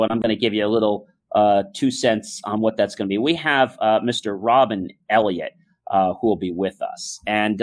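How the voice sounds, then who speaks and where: A man hosting a talk show, speaking earnestly and calmly, with many uh and um fillers as he tells stories. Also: lowish voice. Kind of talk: casual podcast talk.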